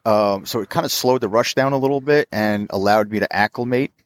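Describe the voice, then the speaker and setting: Man in his fifties, lowish voice, dry close sound, chatty, laughs often. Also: a little fast, dry recording. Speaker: guest, diesel mechanic. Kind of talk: casual storytelling.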